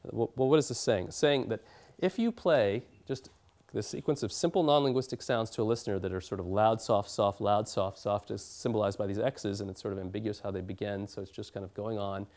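A man's voice: fairly low pitch, brisk, a little mellow. A man giving an academic lecture in a hall, explaining at length with fillers and restarts.

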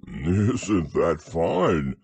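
A man voicing a gentle, slow-thinking teddy bear in a bedtime audiobook, musing and earnest. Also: lowish voice, big pitch swings, gravelly, slightly rough, dry recording, exaggerated voice. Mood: hopeful.

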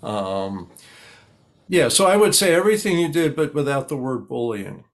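An older man speaking calmly in an interview, explaining at length and acting out sample dialogues. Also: mid-range voice, normal speed. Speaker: guest expert on high-conflict people. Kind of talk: conversational interview.

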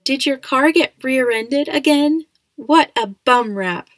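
A woman reading aloud, voicing a father who mimics a shrill old lady paging someone over a loudspeaker. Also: takes it slowly, dry recording. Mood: mocking. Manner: squeaky and mock-formal. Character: shrill old lady voice, put on by a joking dad.

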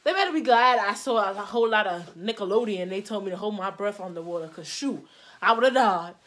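A young adult woman vlogger telling stories in casual, slangy chat, acting out the quotes with lively energy. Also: mid-range voice, a little fast. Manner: slangy and animated, acts out quotes.

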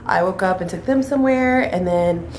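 A woman's voice: on the low side, moderate pace, a little mellow, slight background noise. A young woman and mother chatting casually to camera, laughing often and talking sweetly to her kids. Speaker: vlogger, mother. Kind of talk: casual vlog chat.

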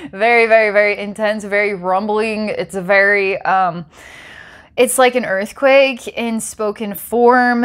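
Giggly woman giving a channeled reading. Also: mid-range voice. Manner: giggly, rambling and intense by turns. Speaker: psychic reader.

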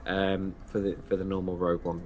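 A man's voice: deep voice, monotone, fairly quick, a little mellow, a little hiss or hum. A man co-hosting a fan podcast, chatting enthusiastically, repeating himself with plenty of fillers. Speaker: podcast co-host. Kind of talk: casual podcast chat.

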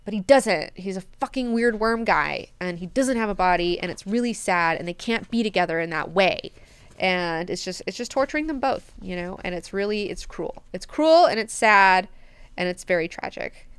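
A woman hosting a book club in a chatty, animated way with plenty of swearing. Her voice sounds very crisp and clear. The recording is dry and close. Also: medium pitch, moderate pace, no room sound. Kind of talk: casual book discussion.

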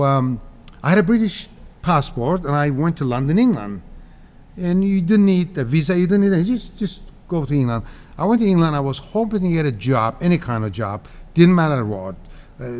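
Animated, laughing man from Cyprus in his 60s. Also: on the high side. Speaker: guest. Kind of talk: casual interview storytelling.

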